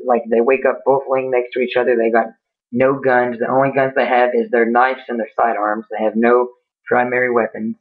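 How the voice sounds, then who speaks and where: A man telling an improvised scary story in a rambling way, with many fillers and restarts. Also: medium pitch. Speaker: amateur storyteller. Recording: tinny phone-like lo-fi audio.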